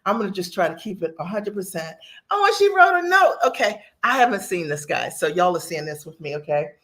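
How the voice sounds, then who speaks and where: A woman's voice: lowish voice, brisk. A middle-aged woman business coach chatting to viewers in a gushing way while she unboxes a gift in her home office. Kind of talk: live unboxing video.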